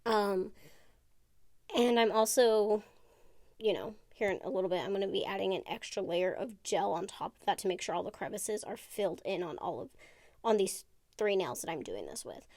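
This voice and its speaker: A woman's voice: medium pitch, animated, normal speed, a little mellow, dry recording, studio quality. A woman narrating a casual how-to vlog in a chatty, rambling way, full of asides. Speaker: nail tutorial vlogger.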